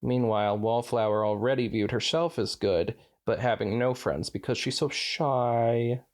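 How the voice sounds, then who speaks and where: A man co-hosting a podcast, reading fan fiction aloud with relaxed chatty asides. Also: medium pitch, unhurried. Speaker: podcast co-host. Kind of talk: casual chat and read-aloud.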